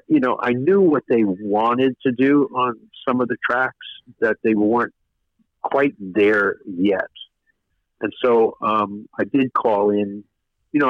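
Older male producer guest, low pitch, meandering anecdotes, muffled lo-fi broadcast. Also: no echo. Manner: rambling, many fillers and restarts. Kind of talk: casual interview storytelling. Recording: dull lo-fi radio sound.

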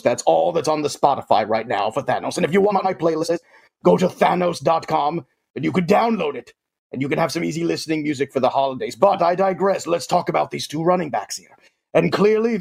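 A man playing a smug, grandiose alien warlord in a comic sports segment, pompous and talking about himself in the third person. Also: on the high side. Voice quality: gravelly, husky. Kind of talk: comic sports picks in character.

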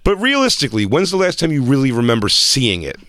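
A man co-hosting a podcast, trading deadpan comic riffs in casual banter. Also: mid-range voice, quick pace. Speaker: podcast co-host.

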